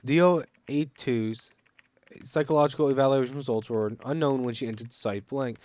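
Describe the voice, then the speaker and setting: Man reading game reports slowly. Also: mid-range voice, a little mellow, no room sound. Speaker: gaming channel narrator.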